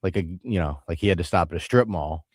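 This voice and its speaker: A man co-hosting a sports talk radio show, casual and chatty, with quick asides. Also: sits low, darkish tone, husky, no echo, clean studio sound.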